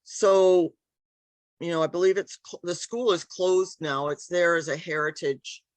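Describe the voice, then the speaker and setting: Speaking a little slowly in a fairly low voice, a woman author wanders through her answers during a casual video-call interview, hesitating with many ums and starting over often. No room sound is audible.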